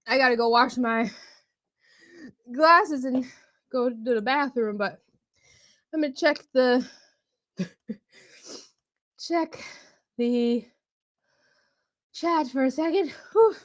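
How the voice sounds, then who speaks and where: A woman's voice: high-pitched, slow pace, pauses often. A woman hosting a live stream, out of breath and laughing as she reads viewer comments aloud and answers them by name. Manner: chatty, laughs often, warmly addresses chatters by name. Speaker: livestream host.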